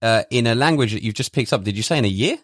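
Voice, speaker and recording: A man hosting a podcast, asking follow-up questions in a friendly, quick way. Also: medium pitch, animated, a bit bright, dry recording, studio quality. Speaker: podcast host. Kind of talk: casual interview chat.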